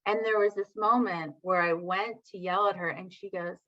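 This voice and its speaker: Speaking at a moderate pace in a steady, fairly bright, lowish voice, this woman leads a live parenting workshop online. The audio is lo-fi. She talks directly to viewers, reads their chat comments aloud, and often asks "right?"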